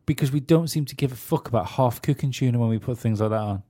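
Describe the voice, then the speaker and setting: Male podcast co-host, medium pitch, warm mellow voice, easygoing crude storytelling. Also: fast, husky. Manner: laid-back, sweary storytelling. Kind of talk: casual comedy chat.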